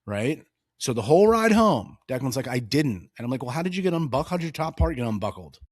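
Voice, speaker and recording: A man's voice: medium pitch, fast, no echo, studio quality. A man in his thirties co-hosting a casual political podcast, telling stories with lots of energy and acting out the dialogue. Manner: animated storytelling, acts out dialogue. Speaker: podcast co-host.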